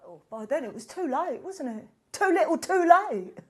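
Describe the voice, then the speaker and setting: A woman's voice: sits high, big pitch swings, normal speed, a little mellow. A woman playing an earnest, self-pitying middle-aged activist, rambling and dramatizing her own story in a one-woman comedy show. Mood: tearful, confiding. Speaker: guest in a comedy sketch.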